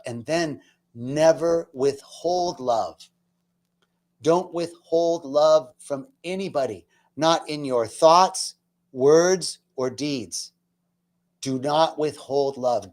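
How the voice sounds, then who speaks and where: This spiritual talk host has a fairly high pitch and draws out his words as he recounts a personal spiritual story, earnest and full of feeling. Chatty and casual, he pokes fun at himself, quiets to almost a whisper, then grows loud again.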